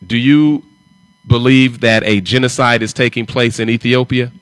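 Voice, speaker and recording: A man's voice: medium pitch, steady tone, moderate pace, clean tone, dry recording. A man hosting a live stream, talking in an emphatic, repetitive and confrontational way. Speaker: livestream host.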